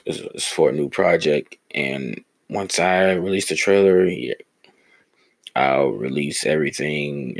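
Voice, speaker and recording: Deep gravelly young man ranting. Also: no room sound. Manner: blunt, profane, heated storytelling. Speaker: podcast host. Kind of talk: casual solo podcast storytelling.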